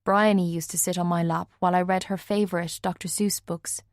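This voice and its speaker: A woman narrating a first-person audiobook in a measured way, lightly voicing the other characters. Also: fairly low pitch, flat delivery, no room sound. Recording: dry studio recording.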